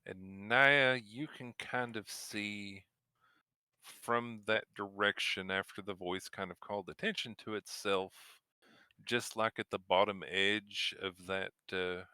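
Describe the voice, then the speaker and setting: A man runs a tabletop game, describing the scene in a slow, measured way. His voice is low, bright and smooth, and it sits close and dry. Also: no echo. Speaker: game master.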